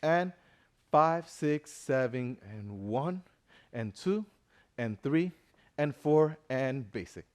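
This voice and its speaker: A man's voice: medium pitch, lively intonation, takes it slowly. A man teaching a live dance class, upbeat and counting steps aloud in English and Spanish. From Dominican Republic. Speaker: dance instructor. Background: merengue music playing.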